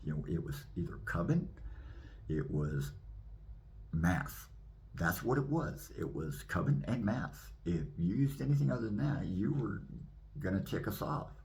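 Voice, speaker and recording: Brief: low-voiced male minister, animated testimony storyteller. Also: a little slow. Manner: animated, acts out scenes. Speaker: minister giving his testimony.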